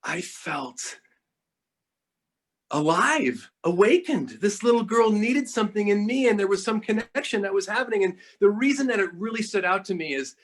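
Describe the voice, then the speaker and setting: A middle-aged man telling a personal story in a talk, animated and full of restarts, acting out what people said. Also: high voice, normal speed. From United States. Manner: animated, lots of restarts and acted-out quotes. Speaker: guest speaker. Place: online talk.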